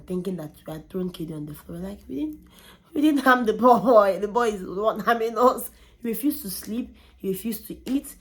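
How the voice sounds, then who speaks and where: A young woman, telling a candid personal story in an animated way and often repeating words for emphasis. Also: low voice. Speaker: vlogger.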